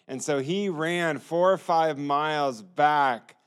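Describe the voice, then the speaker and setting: A man's voice: a little high, slow pace, clear, resonant tone. A man telling his personal testimony in an earnest storytelling manner, acting out the lines of others. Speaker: testimony speaker.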